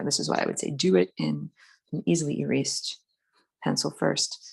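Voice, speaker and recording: Low-voiced woman with a gravelly edge. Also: steady tone, moderate pace, a little mellow. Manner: casual, rambling instruction with many fillers. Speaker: art and spirituality teacher. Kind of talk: live-streamed drawing lesson. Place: home art studio. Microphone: phone camera.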